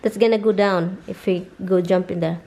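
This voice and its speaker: A woman's voice: steady tone, moderate pace, mellow. Filipina woman chatting at home. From Philippines. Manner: talks sweetly and high to her pets. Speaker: vlogger. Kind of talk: casual home vlog chat.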